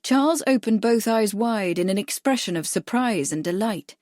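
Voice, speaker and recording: A woman narrating a period mystery audiobook, measured and even, at a middle pitch. The recording is close and dry, with no room around her. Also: no echo. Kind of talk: scripted narration.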